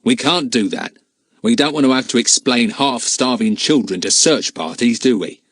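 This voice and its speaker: A man voicing a cold, calculating villain who speaks in a flat, plain way. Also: medium pitch, moderate pace, slightly rough, no echo, studio quality.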